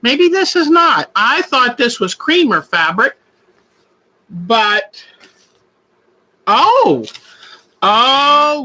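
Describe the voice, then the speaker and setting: A man's voice: very high-pitched, big pitch swings, very slow, pauses often, bright, forceful tone, poor audio. A man hosting a quilting live stream, chatting in an effusive, gushing way with viewers. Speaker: quilting show host. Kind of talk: casual live-stream chat.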